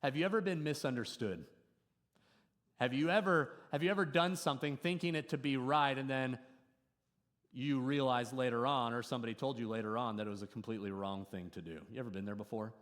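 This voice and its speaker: A middle-aged man preaching a sermon to his congregation, telling a story with sudden swings between loud and soft. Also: mid-range voice, steady tone, fast talker. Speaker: pastor. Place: church service before a congregation.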